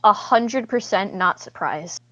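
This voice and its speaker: A woman's voice: medium pitch, expressive, measured pace, bright, forceful tone, dry recording, dull audio. A young woman playing a tabletop game, upbeat and chatty with the group. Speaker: player. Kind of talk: casual tabletop play.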